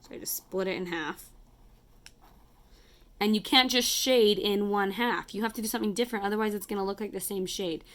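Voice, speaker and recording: A woman's voice: mid-range voice, a little fast, a bit bright. Woman, elementary math teacher; casual, chatty, self-correcting, counts aloud while drawing. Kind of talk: casual math lesson to kids.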